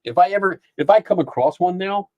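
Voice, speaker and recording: A man's voice: high voice, a little fast, dry recording, lo-fi sound. A man hosting a live stream from a home studio, chatting casually and reading comments aloud, often laughing and rambling. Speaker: podcast host. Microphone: dynamic microphone.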